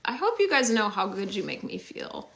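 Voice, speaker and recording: A young woman talks casually on a phone livestream, her tone bright and clear. Her pitch rises and falls a lot as she chats and thanks viewers. She fills the gaps with "um" and "like". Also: wildly swooping pitch, normal speed. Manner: chatty and upbeat, thanking viewers with many fillers. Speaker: livestream host.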